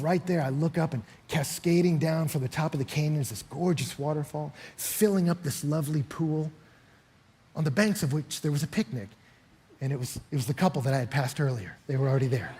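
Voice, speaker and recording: A man preaching as a pastor, with a fairly high voice that has a husky, breathy edge. He tells his story with animation and acts out the moments as he speaks. His delivery is lively and expressive. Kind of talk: sermon.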